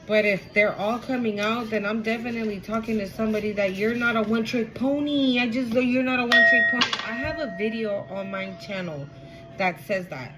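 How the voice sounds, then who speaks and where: A woman's voice: mid-range voice, poor audio. A woman giving a casual, emotional spiritual card reading to her viewers, repeating herself and swearing now and then. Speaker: tarot reader.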